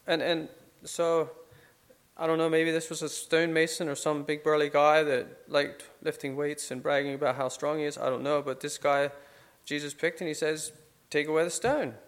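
A man's voice: on the high side, fairly bright tone, clean tone. A man giving an informal Bible study, talking things over conversationally with fillers and restarts. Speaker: Bible teacher.

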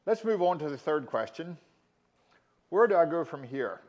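A man preaching a sermon, emphatic, with dramatic pauses and rising intensity in quoted lines. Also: a little high, very animated, darkish tone, muffled recording. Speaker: pastor.

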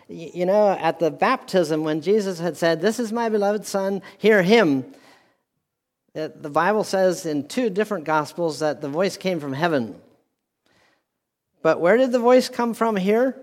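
A man delivering a sermon in a slow, measured way, his voice sitting a little higher than most men's. He repeats key phrases and restarts lines as he preaches. The sound carries a long hall reverb, as from a church with a speaker system. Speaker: pastor.

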